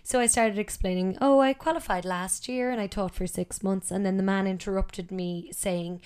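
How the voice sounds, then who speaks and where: A woman's voice: medium pitch, normal speed, a little mellow, clear, resonant tone. A woman telling a personal story in a conversational way, with frequent ums and self-corrections.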